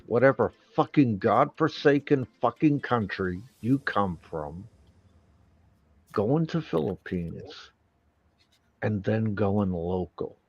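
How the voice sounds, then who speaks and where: Angry live-stream host, slow-talking with a gravelly voice, cursing nonstop. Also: male voice, medium pitch, no room sound, highs cut off. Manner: angry, swearing constantly, loud outbursts. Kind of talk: profane ranting monologue.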